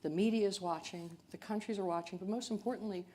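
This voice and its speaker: A woman speaking as a company chief executive on a panel, in a measured, earnest way. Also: mid-range voice, fairly even intonation, dark tone, slight background noise. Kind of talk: panel discussion.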